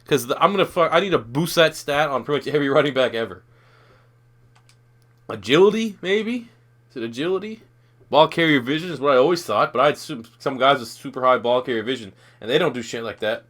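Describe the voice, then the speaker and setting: Profane young gaming commentator. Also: male voice, medium pitch, animated, fairly quick, fairly bright tone. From Canada. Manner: loose, profane, rambling and self-deprecating. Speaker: gaming YouTuber. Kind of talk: casual gameplay commentary.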